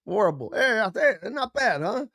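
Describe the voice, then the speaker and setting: Animated high-voiced sports radio host. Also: male voice, normal speed, dry recording, clean studio sound. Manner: animated, does voices and impressions while talking. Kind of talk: casual sports radio chat.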